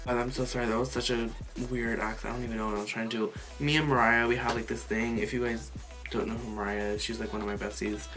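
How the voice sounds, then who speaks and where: A man's voice: medium pitch, little pitch movement, fast, a bit bright, soft background music. Chatty, foul-mouthed young-sounding man. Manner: chatty, swears freely, lots of "like" fillers. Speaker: makeup vlogger. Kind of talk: casual makeup tutorial chat.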